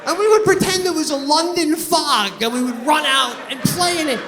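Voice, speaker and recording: A middle-aged man tells stories in an animated stand-up set, sometimes bursting into loud shouts. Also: very high voice, normal speed, big-room sound, noisy background. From Long Island, New York. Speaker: comedian. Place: stage before a live audience.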